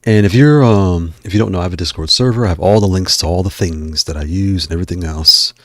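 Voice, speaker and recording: A man's voice: sits low, fast, no echo. A man hosting a casual livestream, out of breath and chatting in a rambling way while he browses. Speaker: livestream host.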